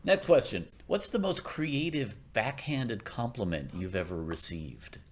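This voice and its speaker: A man's voice: fairly low pitch, lively intonation, measured pace, slight background noise. A man hosting a casual interview, wry and joking. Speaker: host.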